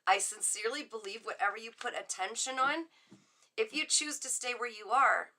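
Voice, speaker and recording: A chatty, excitable middle-aged woman hosting a casual live tarot stream. Her voice is bright and sits a little high, and she reacts to viewer comments as she reads cards. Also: normal speed. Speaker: psychic reader on a live stream.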